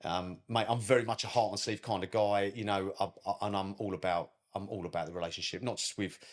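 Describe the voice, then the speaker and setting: Chatty British man, low voice, full of "mate". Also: fairly even intonation, fast. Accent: British English. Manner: chatty, cheeky, constantly says "mate". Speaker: wedding photographer guest. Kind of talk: casual podcast chat.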